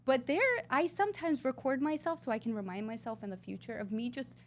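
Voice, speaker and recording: A woman's voice: fairly high pitch, fairly quick, darkish tone. A woman talking earnestly and with emphasis as a guest in a conversational interview. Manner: earnest, emphatic, sometimes drawn out. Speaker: podcast guest.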